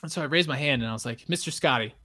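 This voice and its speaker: A man telling a story in a casual podcast chat, animated and swearing freely, with lots of fillers. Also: mid-range voice, rapid-fire.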